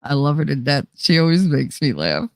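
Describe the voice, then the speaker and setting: A middle-aged woman with a low-pitched voice hosts a loose livestream, chatting straight to her viewers and reading out their comments. She laughs often and swears without a second thought. Her voice is close and dry, with no room sound around it. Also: big pitch swings, normal speed, dry recording. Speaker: livestream host.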